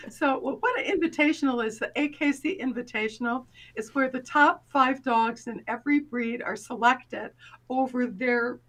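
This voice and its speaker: A woman's voice: sits high, moderate pace. A middle-aged woman, a confidence coach, telling a personal story in a casual interview and animatedly acting out the voices of the people in it. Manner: animated, acts out quoted voices.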